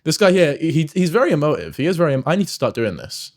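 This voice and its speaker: A man's voice: a little high, sing-song, quick pace, darkish tone. A man giving casual reaction commentary, swearing and laughing often. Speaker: streamer reacting to videos.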